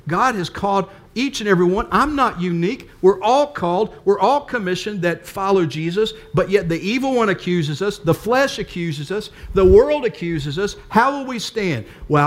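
Older man, pastor, sermon, earnest, emphatic repetition, fairly high voice.

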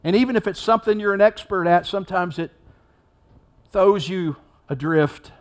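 A man's voice: high-pitched, moderate pace. A man giving a sermon as a pastor, preaching in a conversational way and acting out the story with rising intensity.

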